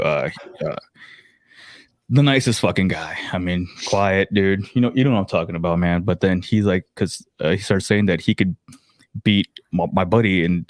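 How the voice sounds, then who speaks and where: A man with a lowish voice talks in casual podcast chat, crude and rambling, with frequent restarts. The sound is dry and close. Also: no echo.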